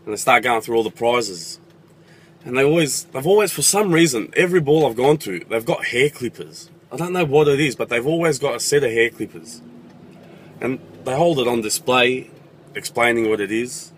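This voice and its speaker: A man's voice: mid-range voice, moderate pace, husky. A young man with an Australian accent, telling sarcastic, sweary comedic stories in a vlog.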